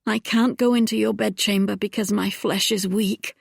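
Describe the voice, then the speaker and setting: A woman's voice: medium pitch, fairly even intonation, normal speed, gravelly, breathy edge, no echo, clean studio sound. Woman voicing a heartfelt Regency young lady. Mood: distressed.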